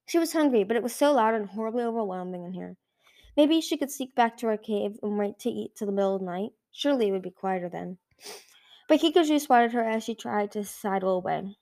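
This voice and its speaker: A woman reading a children's fantasy novel aloud in a measured way, with small slips and restarts. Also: medium pitch, lively intonation, warm tone. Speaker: audiobook reader. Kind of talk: storybook read-aloud.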